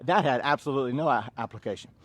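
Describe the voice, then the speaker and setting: A man's voice: mid-range voice, very fast, dry recording. A middle-aged Southern American man leading a workout class, calling out drill-style commands between laid-back stories. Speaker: fitness instructor.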